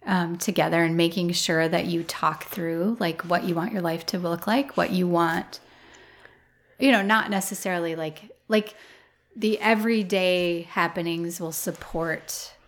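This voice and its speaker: Woman, flower farmer, low voice, vocal fry, rambling, filler-heavy, casual interview. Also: fairly even intonation, measured pace. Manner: thoughtful, rambling with many fillers.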